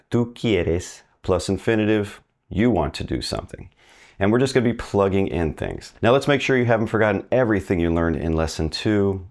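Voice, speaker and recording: Guy with a really deep voice running a language lesson, chatty, slows down to model phrases. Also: a little mellow. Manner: upbeat, conversational, models phrases slowly; asks the learner questions and pauses for answers. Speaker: Spanish teacher.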